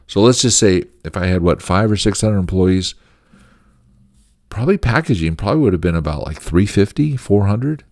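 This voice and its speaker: A middle-aged man with a lowish, expressive, slightly mellow voice hosts a management teaching channel, telling a workplace story as a lesson. He speaks at a moderate pace, earnestly and emphatically, with short laughs. The recording is dry and studio quality.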